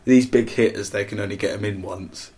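A man's voice: on the low side, steady tone, brisk, a little mellow. A man co-hosting a casual chat about old pop charts, joking around and laughing a lot. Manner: jokey, puts on silly accents and laughs a lot.

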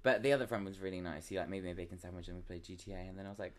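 A young man, co-hosting a podcast and telling a story in a casual, animated way, laughing often and acting out the voices of the people in it. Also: deep voice, very fast. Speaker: podcast co-host.

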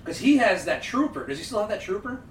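A man's voice: high-pitched, big pitch swings, fast. A man co-hosting a podcast, trading teasing banter with his co-host and laughing easily. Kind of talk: casual banter. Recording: echoey room, distant mic, faint hiss.

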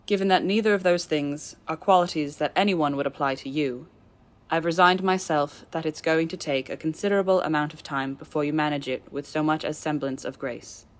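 A woman's voice: deep voice, fairly even intonation, lightly acted. A woman reading as a sneering cold young man. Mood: condescending. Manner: slow, clipped, contemptuous delivery.

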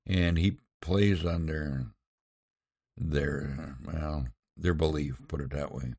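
Very deep husky man teaching Bible. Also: steady tone, darkish tone, no echo, clean studio sound. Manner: folksy, halting, with many pauses. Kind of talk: informal Bible lesson.

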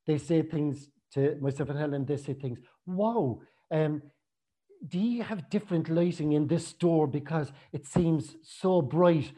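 A man telling a personal story in a chatty, animated way, often acting out what people said. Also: on the high side. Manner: chatty, animated retelling with acted quotes.

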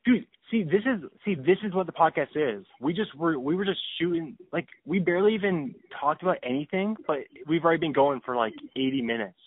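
A young man hosting a podcast over the phone, talking in an excitable, stammering way and laughing often. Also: a little high, a little fast, few pauses, slightly rough, no room sound. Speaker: podcast host. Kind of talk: casual chat on a phone call. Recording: tinny phone line.

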